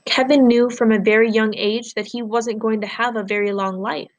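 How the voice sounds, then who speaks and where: A teacher reading aloud as a gentle, weary doctor. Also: female voice, a little high, fairly even intonation, normal speed, close to an everyday voice. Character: kind tired female doctor, gentle.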